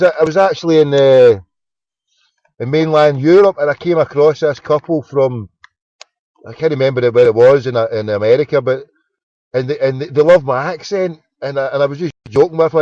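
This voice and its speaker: A man's voice: fairly high pitch, darkish tone, no echo, lo-fi sound. A Glaswegian man hosting a late-night phone-in show, chatting and joking in a rambling way and stumbling over his words. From Scotland. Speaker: radio phone-in host. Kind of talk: casual chat.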